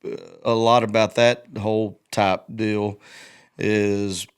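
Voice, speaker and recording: A man's voice: fairly low pitch, flat delivery, slow pace, clean tone. A man in his forties, a guest musician, talking frankly and with self-deprecating humor in a casual interview. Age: 40s. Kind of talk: candid casual conversation.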